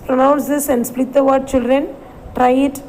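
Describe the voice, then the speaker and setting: Indian English woman, schoolteacher voice, slightly high, unhurried spelling drills, faint background hiss. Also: flat delivery, darkish tone, rough recording. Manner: slow, spells words letter by letter and asks questions. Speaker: primary school English teacher. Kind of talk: recorded classroom reading lesson for children.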